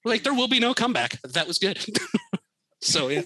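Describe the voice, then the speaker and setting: Bright, lively American man telling stories. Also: high voice, moderate pace, dry recording, low-quality recording. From United States. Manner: animated, laughing storyteller. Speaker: podcast guest. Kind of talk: casual storytelling.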